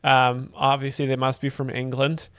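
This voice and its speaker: A man giving mock-earnest comedic commentary as a livestream host, deadpan and rambling, halting with many fillers. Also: mid-range voice, smooth, dry recording. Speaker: joke explainer host of a livestream.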